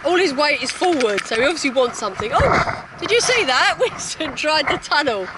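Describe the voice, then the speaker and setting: A high-voiced woman talks her dogs through an outdoor walk, her pitch leaping up and down as she praises them. She sounds like she is speaking into a phone while out in a park, with loud noise behind her. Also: expressive, normal speed. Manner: sing-song praise to dogs, swooping up high. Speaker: dog trainer. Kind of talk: live-streamed dog walk commentary.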